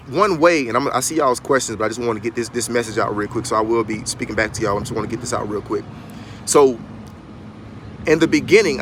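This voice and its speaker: A man's voice: mid-range voice, a bit bright, slight background noise. Emphatic man coaching from outdoors. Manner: preacherly, rising and emphatic, colloquial, addresses viewers as y'all. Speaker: life coach. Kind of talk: motivational livestream talk. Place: outdoors outside a barbershop, traffic nearby.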